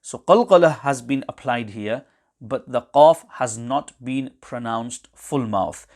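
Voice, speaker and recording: A man teaching correct recitation, explaining pronunciation errors in a measured, precise way. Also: medium pitch, a little mellow. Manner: measured and precise, pausing between phrases. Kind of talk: slow, deliberate instructional explanation.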